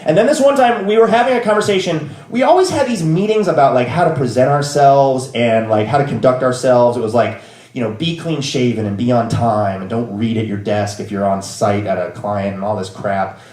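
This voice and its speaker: A man's voice: medium pitch, brisk, darkish tone. Casual guy in his 30s telling a funny work story, rambly, self-deprecating, sounds like a big echoey room. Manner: rambling, self-deprecating, bursts into exasperated rants. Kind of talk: live comedic storytelling.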